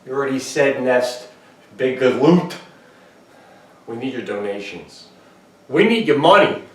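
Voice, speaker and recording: A man's voice: medium pitch, measured pace, darkish tone, echoey room, far from the mic, lightly acted, rough recording. A man doing a smug, bossy TV twin. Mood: mock-tender. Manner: teasing, mock-tender, theatrical. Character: smug, bossy male twin home-renovation star.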